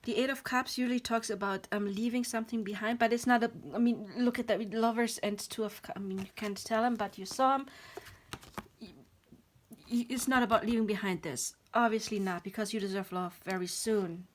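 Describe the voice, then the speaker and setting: A woman's voice: fairly high pitch, fairly even intonation, a little fast. A woman giving a pick-a-card tarot reading on her channel. She rambles, apologizes often, talks about spiritual ideas and drops to a whisper now and then.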